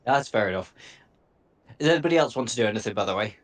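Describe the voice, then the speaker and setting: A man's voice: lowish voice, expressive, fast. Easygoing male game master. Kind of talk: narrating a tabletop game.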